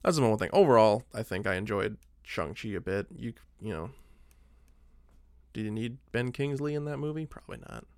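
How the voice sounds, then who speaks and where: A man's voice: lowish voice, animated, moderate pace, smooth, no room sound, studio quality. A man co-hosting a podcast, chatting casually about movies and rambling with lots of filler words. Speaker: podcast co-host.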